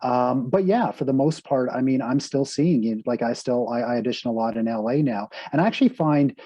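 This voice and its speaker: A male actor on a panel recounts his experiences casually, with plenty of fillers. His voice is mellow and a little husky, and it is recorded dry and close with no room echo. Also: mid-range voice, fairly quick, highs cut off. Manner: casual, storytelling, many fillers. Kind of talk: panel discussion.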